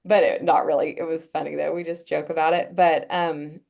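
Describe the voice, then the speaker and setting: A woman guest on a podcast, telling a personal story in a casual, earnest way, pausing often with fillers and restarts. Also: low-pitched, flat delivery, vocal fry, a little mellow. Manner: halting, with frequent "um" and restarts.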